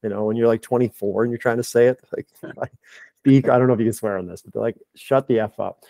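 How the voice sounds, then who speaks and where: A man in his thirties, a high performance coach, talking candidly on a podcast, rambling with fillers and restarts. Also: steady tone, quick pace, vocal fry, warm tone, no room sound. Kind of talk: casual podcast conversation.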